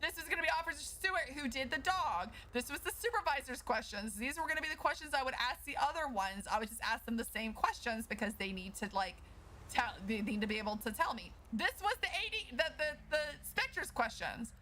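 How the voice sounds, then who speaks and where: A woman streamer talks to her chat out of character in a high, bright voice that leaps all over the place. She is animated and swears freely, and laughter breaks through her frustration. A faint hiss sits under her voice. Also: brisk, poor audio. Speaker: streamer playing a lawyer in roleplay.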